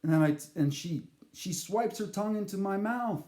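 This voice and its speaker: High-voiced man telling a rambling story. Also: reverberant. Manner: rambling, halting, deadpan-comic. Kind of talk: comic dream storytelling to camera.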